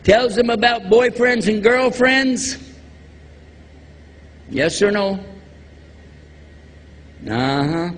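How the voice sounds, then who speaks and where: Man, preacher, jokey, quizzes audience, slow delivery, long hall reverb. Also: high voice, animated. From Texas. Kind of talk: religious lecture to a live audience. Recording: long hall reverb, faint background noise.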